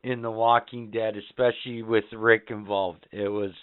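A man hosting a casual podcast, counting down favorite moments with excited, profane storytelling. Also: lowish voice, moderate pace, smooth. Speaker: podcast host. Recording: phone-like narrow band.

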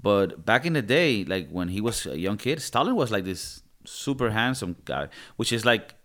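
A man's voice: fairly low pitch, very animated, normal speed, fairly bright tone. Casual male podcast co-host, loose and profane. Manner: casual, swears freely, restarts. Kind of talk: casual movie review chat.

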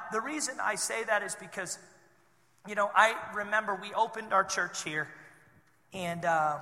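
A man preaching a sermon as pastor, telling a story in a conversational way with animated bursts. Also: high-pitched, in a large hall. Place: church sanctuary.

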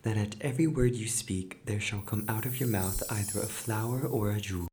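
A calm, gentle fairy from an old fairy tale, voiced by a man reading aloud. She speaks softly and evenly, in a low voice, even when she hands out a curse. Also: brisk, slight background noise, lightly acted. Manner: calm and soft, without anger. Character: calm magical fairy in disguise, female.

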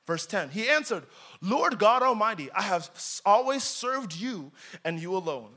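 A young man preaching a sermon in church, dramatic, moving from loud emphatic lines to quiet asides. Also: high voice, big pitch swings, moderate pace.

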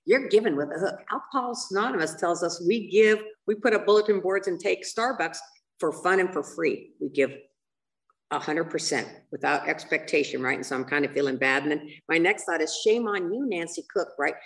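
A middle-aged woman telling her personal recovery story at a meeting, chatty and lively, tossing in "you know" and "right?" all the time. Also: low voice, a little fast, gravelly. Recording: voice picked up from a distant mic.

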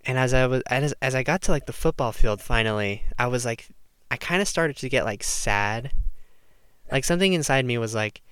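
A teenage high school boy rants through a storytime, filling his talk with "like" and breaking into loud mock shouts. His voice is smooth and clear, and his pitch swoops all over the place. The sound is dry and close, with no room echo. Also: fairly quick. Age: teens. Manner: animated, lots of "like", mimics others with shouts. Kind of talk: storytime rant to camera.

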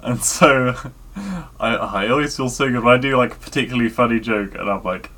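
A man co-hosting a podcast, telling stories in a rambling, animated way. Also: medium pitch, a little fast. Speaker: podcast co-host. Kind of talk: casual chat.

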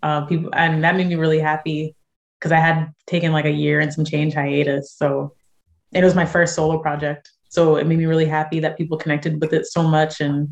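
Young woman, low voice, chatty, filler-heavy, casual interview guest. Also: level tone, a little fast, gravelly, muffled recording. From San Diego, USA. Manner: chatty, lots of fillers, laughs easily. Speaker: guest musician and actress.

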